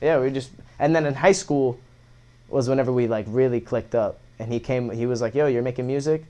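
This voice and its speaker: A man's voice: medium pitch, moderate pace. Laid-back young man telling slangy stories. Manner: laid-back slangy storytelling, swearing, animated retellings. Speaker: guest musician. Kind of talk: casual interview chat.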